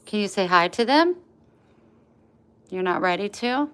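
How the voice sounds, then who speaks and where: A woman vlogger in a casual home video, talking tenderly with frequent pauses and running short of breath. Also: mid-range voice, expressive, clean tone. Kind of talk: casual home vlog, talking to her dogs and giving heartfelt advice.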